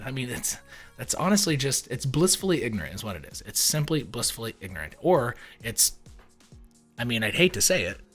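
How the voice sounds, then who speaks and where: Sharing his screen, a man comments casually on crypto charts in a voice on the high side. His tone is wry and animated, full of mock-panicked asides and offhand swearing.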